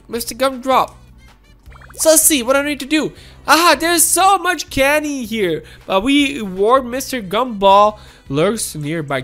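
Woman, excitable gameplay commentary, high voice, swoops all over, faint game music behind. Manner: excitable, gasping and laughing, talks to viewers. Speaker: gameplay video host.

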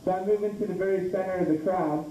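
A man from Idaho doing a rambling, self-deprecating open mic stand-up set, sometimes slipping into a mock TV ad pitch. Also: steady tone, fast talker, warm tone. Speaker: stand-up comedian. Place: small bar stage. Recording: echoey room from far off.

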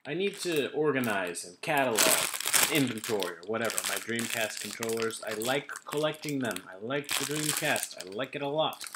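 A man's voice: medium pitch, animated, normal speed, reverberant, very noisy. A man in his thirties rambling casually at his laptop camera at home, making self-deprecating asides. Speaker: vlogger. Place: home room with kitchen items.

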